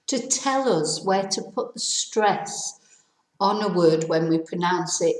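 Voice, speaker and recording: A middle-aged woman teaching in a casual, chatty way, explaining step by step with a self-deprecating aside now and then. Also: on the low side. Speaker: Spanish teacher. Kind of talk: casual spoken lesson. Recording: echoey room.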